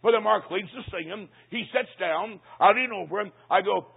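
A man's voice: high-pitched, normal speed, vocal fry, breathy edge. A man preaching a comedic sermon, telling a story in a folksy, punchy way. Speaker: traveling preacher. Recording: tinny phone-like sound.

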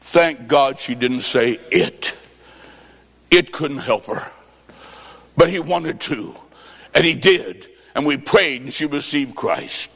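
A man preaching a revival sermon and telling stories, with a dramatic, rhythmic cadence and bursts of shouting. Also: medium pitch, slow, vocal fry, long pauses, breathy edge. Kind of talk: sermon with storytelling. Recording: long hall reverb.

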